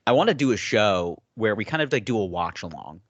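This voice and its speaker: A low-pitched man with a lively, swinging delivery, chatting casually on a podcast. He tells stories with energy and slips into quoted voices. The sound is dry and close. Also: fairly quick, no room sound, lo-fi sound. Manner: animated storyteller who acts out quotes and laughs often. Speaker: podcast co-host. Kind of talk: casual chat.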